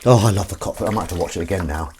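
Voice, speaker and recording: A man streaming from his kitchen sink chats while doing the dishes, rambling and reading viewer comments as cutlery clatters. He talks very fast in a low voice, and there's background noise.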